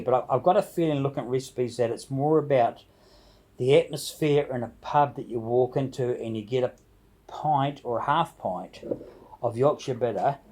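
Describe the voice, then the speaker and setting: A man's voice: medium pitch, a little mellow, poor audio. A man chatting casually to his viewers from his home brew shed, rambling and hesitant, full of fillers and restarts. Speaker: home brewer. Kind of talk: casual vlog chat to viewers.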